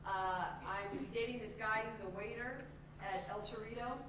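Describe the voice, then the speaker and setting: A woman from Indianapolis performing a self-mocking comic monologue on stage, with many restarts and quick switches. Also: mid-range voice, fairly even intonation, background noise. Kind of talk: live comic storytelling monologue. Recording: echoey stage sound from far off.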